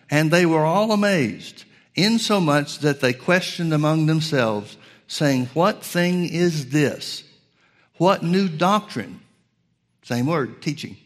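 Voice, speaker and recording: This is a Bible teaching sermon in which a male preacher reads scripture verses slowly, leaning on the important words and addressing his audience as folks. His voice sits fairly high and sounds somewhat bright.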